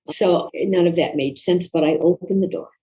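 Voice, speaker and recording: An older woman, a guest author, recalling a personal story in an interview in a reflective, soft-spoken, earnest way. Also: fairly low pitch, normal speed, low-quality recording.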